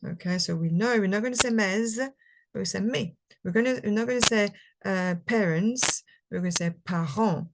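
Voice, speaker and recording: A woman's voice: medium pitch, fast talker, gravelly. Chatty woman leading a teaching webinar. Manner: chatty, explains step by step with many "okay"s. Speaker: language teacher trainer. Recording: recorded live webinar with faint background noise.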